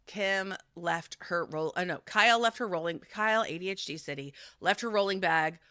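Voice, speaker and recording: A woman co-hosting a podcast in casual chat, retelling a show with animated storytelling and acted-out quotes. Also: on the low side, moderate pace, no room sound, studio quality. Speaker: podcast co-host recapping a reality show.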